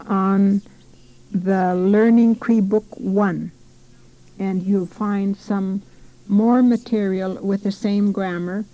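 A woman's voice: mid-range voice, mellow, rough recording. A woman teaching a recorded language lesson, saying each word carefully and repeating it.

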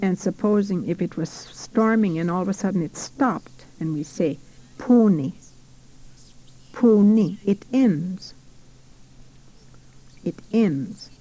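Slow, mellow-voiced woman teaching vocabulary. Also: fairly low pitch, rough recording. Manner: slow, careful, repeats each word. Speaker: language teacher. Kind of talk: recorded language lesson.

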